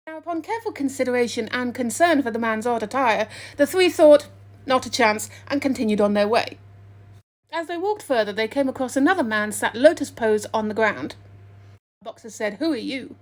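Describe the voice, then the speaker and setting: A woman's voice: on the high side, animated, a little fast. A woman narrating a comic story with wry, playful asides.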